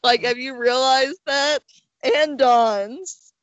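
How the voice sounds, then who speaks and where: A woman's voice: high voice, slow pace, no room sound, highs cut off. A woman co-hosting a casual podcast, joking and teasing, with rambling asides. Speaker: podcast co-host. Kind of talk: casual chat.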